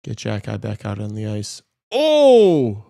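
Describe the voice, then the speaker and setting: A man's voice: lowish voice, a little slow, dry recording, studio quality. Casual man chatting over a hockey game. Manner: loose banter with sudden excited outbursts. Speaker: podcast co-host. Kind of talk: casual live game-watch chat.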